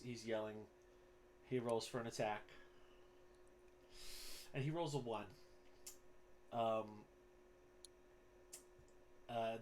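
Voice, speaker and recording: A man runs a tabletop game as game master and narrates at a mid pitch. He talks casually, with fillers and the odd swear word. A faint hum sits in the background.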